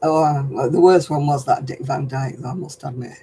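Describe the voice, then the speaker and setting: A man's voice: mid-range voice, a little fast, mellow, a little hiss or hum, low-quality recording. An older man hosting a casual livestream chat, talking in a rambling, chatty way and laughing often. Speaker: host.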